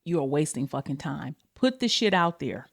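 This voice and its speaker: A woman hosting her own podcast, talking casually and candidly to her listeners, swearing freely and calling them y'all. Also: normal speed. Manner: animated, pitch and pace swing widely. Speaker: podcast host. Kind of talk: casual confessional talk.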